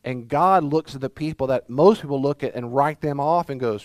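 A man's voice: mid-range voice, normal speed, dry recording, highs cut off. A man from Mississippi with a Southern accent, preaching a sermon as pastor, emphatic and full of rhetorical questions.

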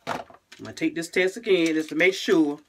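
A woman vlogging casually to camera. She talks in short, restarted phrases and drops to a low, quiet "guys" or "y'all" at the end of most lines. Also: steady tone, moderate pace, slight background noise. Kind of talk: casual vlog talk to camera.

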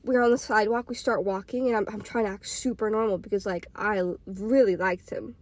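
A woman's voice: mid-range voice, fairly even intonation, a little fast, a little mellow, no echo. A woman in her twenties telling a casual storytime tale, rambling and packed with "like" fillers. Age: 20s. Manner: rambling, filler-heavy with frequent "like". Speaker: podcaster and storytime vlogger.

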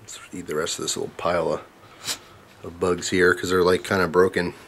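A man's voice: sits low, little pitch movement, moderate pace, a bit bright, a little hiss or hum. A young man vlogging at home, chatting wryly as he tastes bugs and talks to his dog. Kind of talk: casual vlog, tasting food on camera. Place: indoors at home, camera on tripod.

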